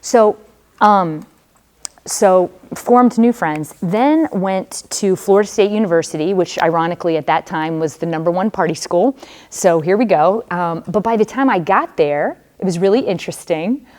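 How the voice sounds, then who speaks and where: Low-voiced woman telling her story. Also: moderate pace, darkish tone. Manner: conversational storytelling, speaks straight to the audience; casual fillers such as "like" and "um". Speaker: religious sister giving a talk to students. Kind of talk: personal testimony talk.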